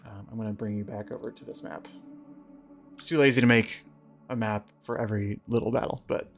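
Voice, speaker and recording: A man running a tabletop game as game master, narrating in a relaxed, halting way with many fillers. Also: lowish voice, gravelly, soft background music.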